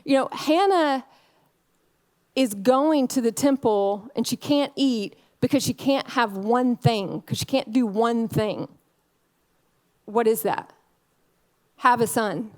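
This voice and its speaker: A woman preaching a conversational sermon in a candid, chatty way, full of fillers and frequent laughs. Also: fairly high pitch.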